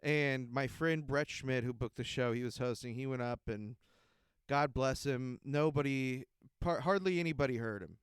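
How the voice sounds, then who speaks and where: Smooth-voiced man rambling through a story. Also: medium pitch, moderate pace, no room sound, studio quality. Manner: rambling, laughing, swears freely. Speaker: podcast host. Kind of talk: casual comedic storytelling.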